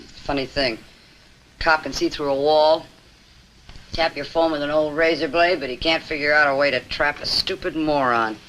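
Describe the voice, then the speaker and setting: A woman's voice: deep voice, fairly even intonation, normal speed, a bit bright, poor audio. An actress in a 1960s film playing a slangy, coaxing woman who coos and insists. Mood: scornful. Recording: hissy old film soundtrack.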